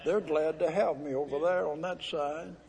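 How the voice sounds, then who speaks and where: A man preaching a sermon as pastor, pleading and emphatic, drawing out scripture verses slowly. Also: fairly high pitch, steady tone, vocal fry, darkish tone. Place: church sanctuary. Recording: echoey hall with long reverb.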